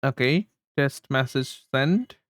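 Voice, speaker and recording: Man on a livestream, casual rambling chat, unhurried, smooth voice, dry close sound. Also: medium pitch, lively intonation, a bit bright, no room sound. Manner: rambling, chuckles often, talks to chat while fiddling with settings.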